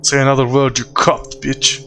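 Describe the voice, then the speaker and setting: A man's voice: medium pitch, flat delivery, moderate pace, bright, forceful tone, soft background music. A man voicing a hot-headed male gangster thug who snarls aggressively. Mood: angry.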